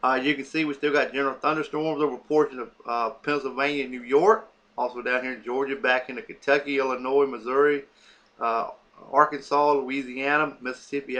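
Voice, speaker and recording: A man giving an unscripted weather briefing, halting with many fillers and self-corrections. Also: mid-range voice, fairly bright tone. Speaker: weather forecaster.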